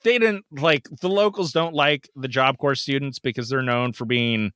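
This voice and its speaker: A man co-hosting a podcast, telling a story in a casual, animated way and acting out the other people's lines. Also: mid-range voice, normal speed, clean tone, dry recording, clean studio sound. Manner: animated, acts out the other voices in his story. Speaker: podcast co-host.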